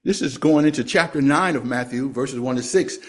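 A man preaching a sermon and reading scripture aloud, speaking slowly and deliberately and letting his voice fall at the end of phrases. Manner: slow, deliberate, drops pitch at phrase ends.

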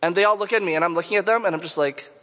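This man from Montreal, Canada, has a high-sitting, fairly bright voice and talks very fast. He preaches a sermon like a conversational story, asking his listeners questions, and a long hall reverb trails his words.

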